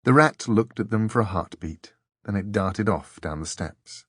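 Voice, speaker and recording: A man narrating an audiobook in a measured, deliberate storytelling voice. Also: fairly low pitch, breathy edge, no room sound, studio quality. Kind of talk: scripted narration.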